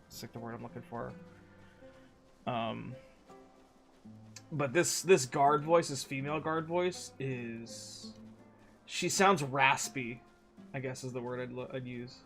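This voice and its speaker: Bright-voiced young male streamer. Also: medium pitch, takes it slowly, pauses often, soft background music. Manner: rambling, profane, frequent restarts. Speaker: game streamer. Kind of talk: casual gaming stream chat.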